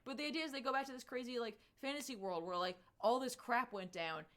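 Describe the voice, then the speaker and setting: A woman co-hosts a comics podcast, recapping a book casually and chattily with plenty of filler. She talks fast, her pitch swinging lively up and down.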